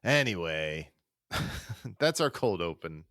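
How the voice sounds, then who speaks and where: A man's voice: sits low, sing-song, takes it slowly, a bit bright, dry recording, clean studio sound. A man co-hosting a podcast, casually recapping an old comedy episode step by step in an easygoing way and laughing along. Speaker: podcast co-host.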